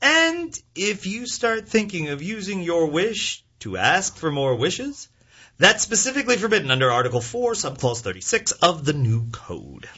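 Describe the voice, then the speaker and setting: Man voicing a smug bureaucratic genie, mock-apologetic, sharp and breathy, muffled audio. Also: high-pitched, big pitch swings, normal speed, heavily acted. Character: smug bureaucratic male genie, falsely sympathetic.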